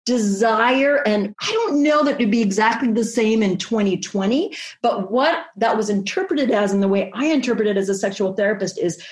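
Frank, expressive woman in an echoey room. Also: mid-range voice, normal speed, few pauses. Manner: frank, expressive, emphatic with vivid asides. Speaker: sex therapist guest. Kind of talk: candid conversational interview talk.

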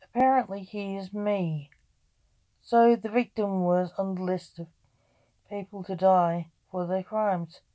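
A woman gives voice to a grim male necromancer in a dark storybook, a protective father. She keeps him slow and mellow in tone. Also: mid-range voice, fairly even intonation, natural voice.

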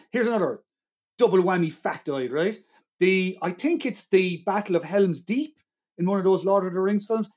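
A man with a somewhat high voice debates a film in casual chat. He praises it with enthusiasm and pushes back firmly when challenged. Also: darkish tone. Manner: enthusiastic, argumentative.

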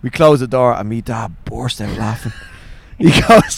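A gravelly, medium-pitched Irish man in his forties, a guest author, speaks at a normal pace in a casual interview. He's animated, swearing and laughing as he tells anecdotes about his family.

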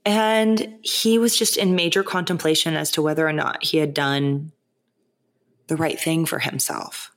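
A woman hosting a podcast, talking in a casual, animated way, full of "like" and "right?". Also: low-pitched, a little slow. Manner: animated, chatty, lots of "like" and "right?". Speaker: podcast host. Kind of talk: casual spiritual monologue.

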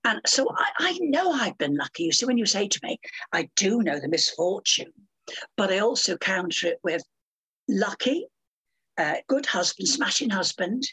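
An older woman in her seventies, a guest who talks bluntly and bawdily and throws herself into the voices of the people she quotes. Her voice is husky and slightly breathy. Her pitch swings widely from phrase to phrase. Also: big pitch swings, normal speed, fairly bright tone, dry recording, low-quality recording. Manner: blunt, bawdy and theatrical, acting out quoted voices. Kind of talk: casual interview chat.

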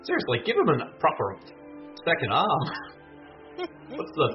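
Brief: mocking movie-commentary host, animated, muffled recording. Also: male voice, on the high side, measured pace. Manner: crude, mocking, laughs often. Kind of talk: casual riffing over a film. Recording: dull lo-fi with film music behind.

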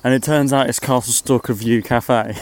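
A man's voice: mid-range voice, steady tone. A man chatting wryly in a van about a roadside café. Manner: wry, chatty, quick to tease. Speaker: vlogger. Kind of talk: casual chat. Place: parked van at a viewpoint.

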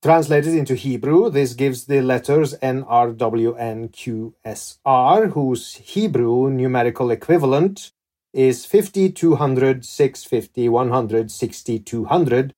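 A man's voice: medium pitch, slow, warm tone. A man hosting a podcast interview, mixing casual questions with passages read from prepared notes. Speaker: podcast host.

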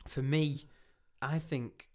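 A young man hosting a casual film review chat, talking in a chatty, animated way and slipping into lively voices when he quotes scenes. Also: on the high side, takes it slowly. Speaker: podcast host.

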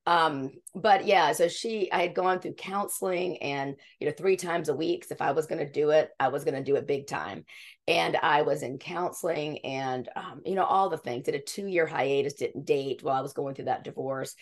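A woman's voice: deep voice, normal speed. A woman in her fifties, a podcast guest telling her story in an earnest, rambling way, often restarting her sentences. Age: 50s. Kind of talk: conversational interview storytelling.

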